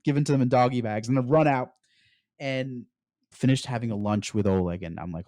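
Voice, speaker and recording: Warm low-voiced man telling a story. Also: quick pace, dry recording, studio quality. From United States. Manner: animated storyteller, peppers speech with "like". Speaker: podcast guest. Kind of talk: storytelling interview.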